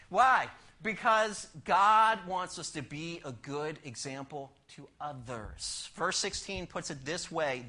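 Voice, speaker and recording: A male pastor delivering a sermon with emphatic, rhetorical questions, swinging between soft and loud delivery and between fast and slow. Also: high voice.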